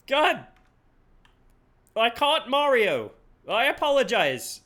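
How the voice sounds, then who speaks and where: A man's voice: extremely high pitch, huge pitch swings, slow pace, pauses often, a bit bright. A man streaming a game live, chatting playfully, laughing often and swearing casually, at a desk mic.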